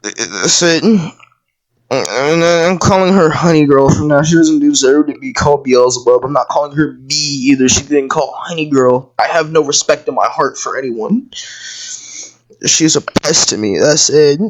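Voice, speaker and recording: Slow-talking ranting commentator who yells. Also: medium pitch. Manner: yelling outbursts, stammering repeats; profane and exasperated. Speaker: video commentator. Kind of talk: ranting show review commentary.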